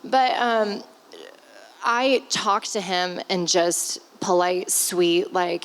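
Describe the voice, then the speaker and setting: A woman in her thirties talks openly and with feeling, her voice near tears. She sighs, swears now and then, and speaks with a heartfelt warmth. Her pitch sits in a mid range. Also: a little slow, poor audio. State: emotional, close to tears. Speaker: stepmother guest on a family podcast. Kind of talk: candid conversational talk.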